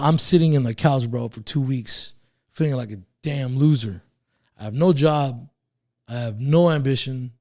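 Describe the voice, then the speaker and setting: A man's voice: mid-range voice, darkish tone. A man talking as a podcast guest, casually telling his life story with plenty of swearing, chuckles and restarts. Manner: profane, laid-back, with chuckles and restarts.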